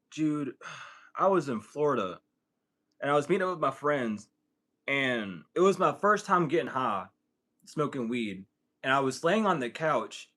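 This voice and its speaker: A man with a bright, forceful voice that sits a little high holds a loose Q&A session. He jokes and rambles off the cuff, swearing freely. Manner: joking, profane, rambling. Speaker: spiritual content creator answering questions. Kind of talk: casual livestream Q&A.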